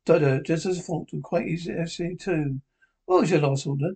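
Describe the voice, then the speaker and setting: A man's voice: fairly high pitch, a little fast, gravelly, a little mellow, husky. A man reading the lines of an eccentric male time-traveller hero in a script read-through. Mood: inquisitive.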